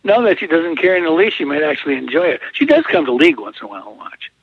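Husky man telling corny jokes. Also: a little high, big pitch swings, racing, dry recording. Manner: corny joke-telling, chuckling at his own lines. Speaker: podcast co-host telling jokes. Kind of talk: casual chat. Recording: dull, lo-fi dry recording.

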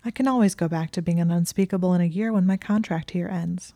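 A woman's voice: on the low side, fast, warm tone, dry recording, clean studio sound, lightly acted. A woman voicing a curt young witch librarian. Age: 20s. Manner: curt and clipped.

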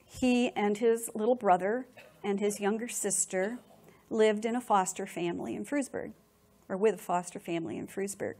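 A middle-aged woman sharing a personal testimony with an audience, telling it in an animated, emotional way and often repeating words when stirred. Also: mid-range voice, normal speed.

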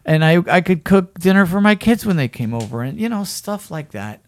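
Animated male podcast host with a fairly high voice, chatty storyteller, dry close mic. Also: brisk, no room sound. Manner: animated, keeps asking "right?", frequent fillers. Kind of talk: casual storytelling chat.

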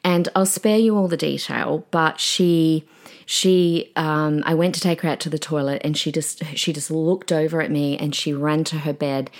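A woman's voice: low voice, fairly even intonation, moderate pace. Chatty woman podcast host. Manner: chatty and gushing, many fillers and asides. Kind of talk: casual solo podcast chat.

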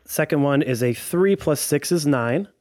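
A man's voice: on the high side, animated, normal speed, a little mellow. A man playing a tabletop game, counting his dice rolls and damage aloud. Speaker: player.

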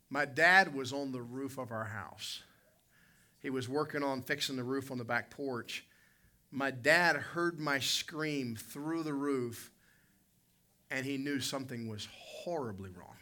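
A man's voice: medium pitch, sharp tone. A man preaching an evening sermon as pastor, telling a folksy, vivid personal story to his church congregation. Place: church sanctuary.

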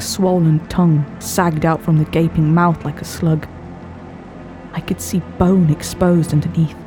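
A woman telling a first-person horror story in a measured, dramatic scripted narration. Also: lowish voice, mellow. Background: faint eerie music.

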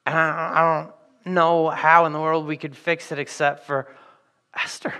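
A man's voice: fairly high pitch, flat delivery, bright, forceful tone, smooth. A man voicing an anxious older uncle thinking aloud about a looming threat. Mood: panicked. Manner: rushed worried thinking aloud. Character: panicked older male uncle, anxious then hopeful.

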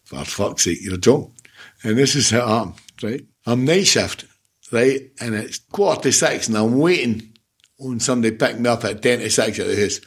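A man's voice: medium pitch, expressive, moderate pace, slightly rough. A Scottish man in his seventies, a former football manager, telling stories in a casual interview, blunt and swearing freely with laughs between. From Scotland. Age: 70s.

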